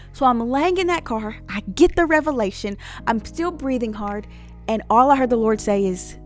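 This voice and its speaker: A woman's voice: high-pitched, animated, brisk, a bit bright, faint music behind. A woman telling her own story to viewers in an earnest, preachy vlog, speaking to them directly. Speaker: Christian vlogger. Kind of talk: personal testimony vlog.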